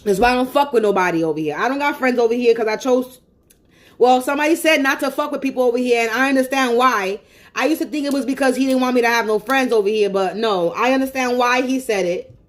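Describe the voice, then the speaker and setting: A woman's voice: fairly high pitch, fast. A woman on a phone livestream, venting angrily in a profane, repetitive rant. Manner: angry, profane and repetitive ranting.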